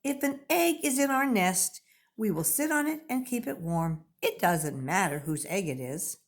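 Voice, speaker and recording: A cheerful, steady father bird from a picture book, played by a woman reading aloud. His voice sits a little high and swings with lively, reassuring emphasis. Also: unhurried. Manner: reassuring, firm.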